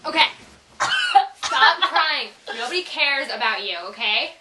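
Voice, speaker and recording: A woman's voice: high-pitched, animated, a little slow, very noisy. A woman acting in a comedy skit, exasperated, blunt and scolding. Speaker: comedy sketch actor. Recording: echoey room.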